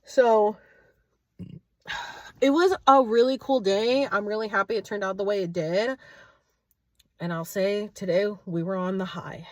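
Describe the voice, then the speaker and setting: A woman in her late thirties, casually telling a story to her followers, animated and chatty, acting out both sides of a conversation. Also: mid-range voice, measured pace, long pauses, no echo, studio quality. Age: 30s. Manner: chatty, animated retelling with quoted dialogue. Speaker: vlogger. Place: at home, indoors.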